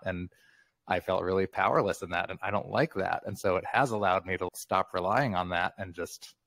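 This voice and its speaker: A man in his fifties, a memoir author, talking as a podcast guest in a relaxed, reflective way and laughing often. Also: low-pitched, vocal fry. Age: 50s. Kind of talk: casual interview conversation.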